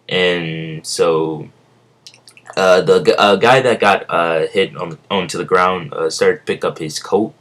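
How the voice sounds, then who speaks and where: A man's voice: deep voice, fairly even intonation, measured pace, a bit bright. A young man improvising a fan story, rambling with many fillers and self-corrections. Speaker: amateur storyteller.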